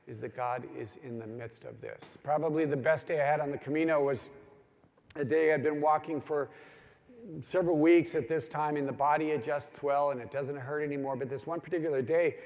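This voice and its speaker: In a long, reverberant hall, a middle-aged man delivers a sermon to a group of men. His slightly mellow, higher-pitched voice is brisk and steady as his earnest storytelling builds to pleading emphasis.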